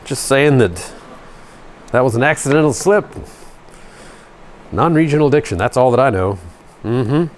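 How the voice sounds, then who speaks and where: A man's voice: mid-range voice, animated, measured pace, pauses often. A man from Georgia hosting a hobby channel, chatting casually and joking at his own expense while he tinkers at a workbench. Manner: joking, self-deprecating, talks while tinkering. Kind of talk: casual workshop chat.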